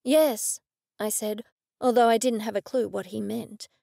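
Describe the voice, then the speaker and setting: A woman narrating a cozy mystery audiobook in first person, with measured, dry storytelling. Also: mid-range voice, fairly even intonation, creaky, dark tone, dry recording.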